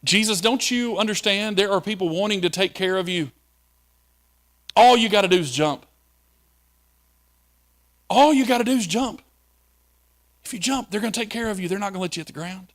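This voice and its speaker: A male preacher voicing the devil as a coaxing, wheedling tempter who urges and rushes. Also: sits high, a bit bright, pitched above the performer's own voice.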